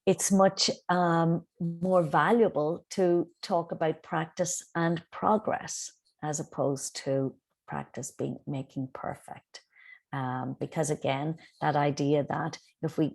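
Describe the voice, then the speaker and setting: A middle-aged woman, a Montessori teacher, calmly explaining parenting tips over a video call, with frequent ums. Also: low voice. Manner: calm, explanatory, with frequent ums and quoted child dialogue. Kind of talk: online parenting talk.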